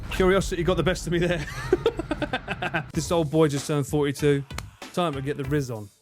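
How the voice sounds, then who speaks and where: A man's voice: a little high, lively intonation, normal speed, over music. An English man chatting casually on a live stream while gaming, swearing freely and laughing often. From England.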